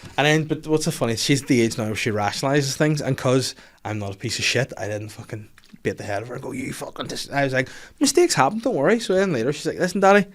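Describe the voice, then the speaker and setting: A man's voice: medium pitch, lively intonation, fast talker. A man, hosting a podcast and telling rude stories in casual chat, laughing often. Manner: bawdy storytelling, laughing often. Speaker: podcast host.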